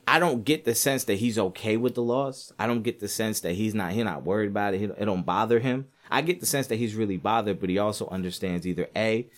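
A man giving a casual, animated commentary on boxing, rambling with lots of fillers and acting out quotes. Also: lowish voice, fast talker, few pauses. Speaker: sports commentator.

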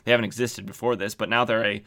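Podcast host, man, low-pitched, bright and chatty comic recap. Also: flat delivery, quick pace, vocal fry. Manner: enthusiastic, chatty, many fillers. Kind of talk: casual comic book recap.

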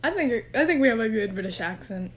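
A woman's voice: fairly high pitch, animated, fast talker, lo-fi sound. Chatty young woman co-hosting a podcast. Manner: chatty, rambling, laughs often. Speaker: podcast co-host. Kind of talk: casual chat. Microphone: no microphone, phone or computer.

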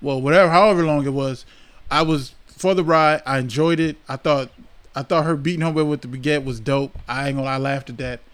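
A man's voice: mid-range voice, brisk, fairly bright tone. A man chatting as a guest on a casual podcast, laid-back and repeating himself as he builds a point. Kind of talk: casual chat reviewing a TV show.

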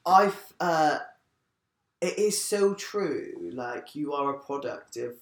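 A woman's voice: low-pitched, animated, takes it slowly, very noisy. A woman guesting on a podcast, chatting candidly and rambling with frequent restarts. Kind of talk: casual chat. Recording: echoey room.

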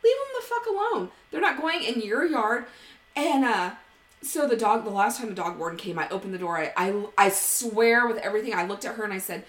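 A podcast co-host, this woman has a voice on the high side and a fairly quick pace as she tells a story in casual conversation. Quoted lines get fully acted out, the cursing comes freely, and the energy is animated; the recording has a roomy echo.

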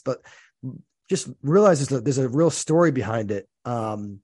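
A man's voice: mid-range voice, expressive, normal speed, dark tone, breathy edge, dry recording. A man in his thirties from New Jersey, co-hosting a podcast and thinking aloud in a reflective, casual way. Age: 30s. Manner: reflective, repeats phrases while thinking aloud. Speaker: podcast co-host. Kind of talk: casual chat.

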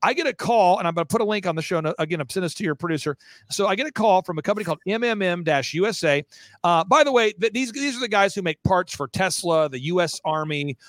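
A man as an interview guest, telling a story quickly and excitedly and acting out the voices of the people in it. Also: high voice, no echo. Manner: excitable, acts out quoted voices. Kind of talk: fast animated storytelling.

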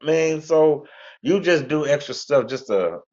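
A man's voice: a little high, lively intonation, a little slow, darkish tone. A man hosting a talk radio show, rambling in a laid-back, repetitive way. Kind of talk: casual monologue. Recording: lo-fi internet radio audio.

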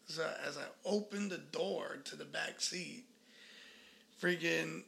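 A man's voice: on the high side, measured pace, gravelly, bright, forceful tone. A man, co-hosting a podcast and telling a story in laid-back slang, acting out the dialogue. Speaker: podcast co-host. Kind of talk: casual storytelling chat.

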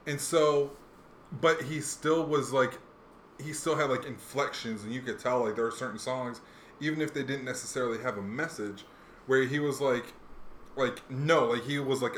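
A young man hosting a podcast, chatting casually in a rambling, animated way with lots of fillers. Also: medium pitch. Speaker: podcast host. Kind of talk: casual chat. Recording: echoey room, faint noise.

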